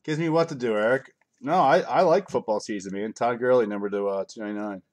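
At a quick pace, a middle-aged man with a slightly mellow, mid-range voice reads out cards during a live card break. His chat with viewers is casual, offhand, and full of jokes.

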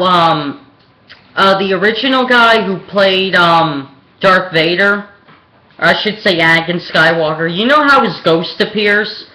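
Young vlogger, slow and rambling with lots of ums; recorded in a reverberant room. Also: mid-range voice, bright, forceful tone, a little hiss or hum. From Pennsylvania, USA. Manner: rambling, hesitant, with many ums and restarts. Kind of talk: opinionated film rant. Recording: echoey room.

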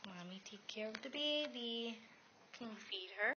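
A young woman filming her toddler at home, coaxing her in sing-song baby talk with gentle questions. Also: fairly high pitch, lively intonation, normal speed. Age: young adult. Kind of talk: home video, talking to a toddler. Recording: dull lo-fi home camcorder sound, faint hiss.

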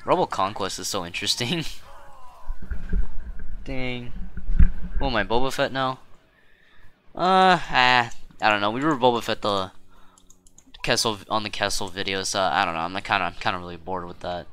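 Bright-voiced man rambling over gameplay. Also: fairly low pitch, a little hiss or hum. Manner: rambling, self-correcting, quick to exclaim. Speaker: gaming streamer. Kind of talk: casual gameplay commentary.

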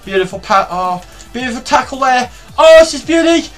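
A young man giving live commentary on his own football video game match, excitable, shouting and swearing at the play. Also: extremely high pitch, a little fast, soft background music. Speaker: gamer.

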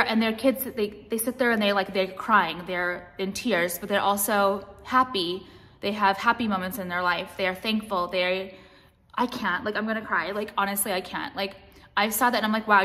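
A woman's voice: mid-range voice, a bit bright. A young woman talking casually to her viewers in a rambling, confessional way, full of restarts and fillers. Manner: rambling, many likes and restarts. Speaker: vlogger. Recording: long reverb.

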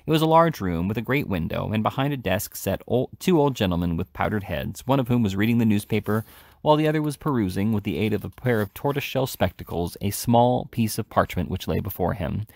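A man reading a classic novel aloud, steady, with occasional self-corrections. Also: on the low side, brisk, creaky, no echo, clean studio sound. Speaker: audiobook reader.

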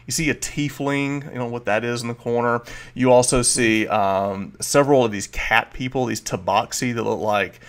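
Rambling male game master. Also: mid-range voice. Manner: loose, filler-heavy description. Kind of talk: narrating a tabletop game.

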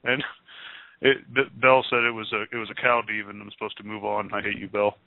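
A man on a call-in show, telling a religious testimony in a rambling, excited way with many restarts. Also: fairly low pitch, a little fast, gravelly, dry recording. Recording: tinny phone-line radio sound.

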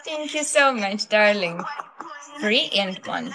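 A woman's voice: medium pitch, lively intonation, slow, pushed and bright. A young woman from Belarus hosting a casual live stream, greeting viewers one by one in English, her voice a little sick. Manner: greets viewers one by one, giggly, non-native phrasing. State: slightly sick voice.

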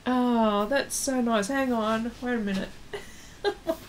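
A woman's voice: fairly high pitch, a little hiss or hum. A woman artist hosting a livestream, chatting casually with viewers while she paints and answering their comments. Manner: talks slowly while working, trails off into fillers.

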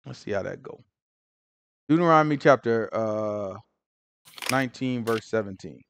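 A man leading a Bible study in an animated, conversational way, repeating phrases and asking the group questions. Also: fairly low pitch, moderate pace, creaky, noisy background.

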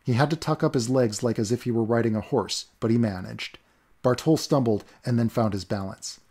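A man narrating a fantasy story in a steady, measured reading. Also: medium pitch, slightly rough. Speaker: audiobook narrator.

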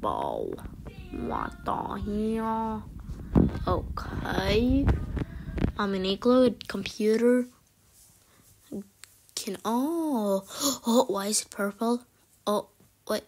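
A woman commenting on a mobile game as she plays, thinking aloud, often dropping to whispers and breaking into excited exclamations. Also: mid-range voice, drawn-out words, long pauses, slight background noise, poor audio. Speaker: gamer. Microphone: phone mic.

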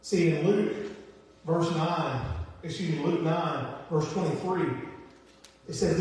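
A man's voice: on the high side, slow, darkish tone. A man preaching a sermon as pastor, in a conversational style that repeats phrases and acts out the voices of people he quotes. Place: church sanctuary. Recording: echoey church hall, distant mic, faint hiss.

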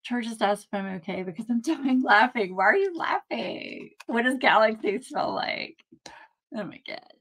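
A woman hosting a casual live-stream craft unboxing from home, gushing and excitable as she chats to viewers. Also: fairly high pitch, normal speed. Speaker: craft channel host.

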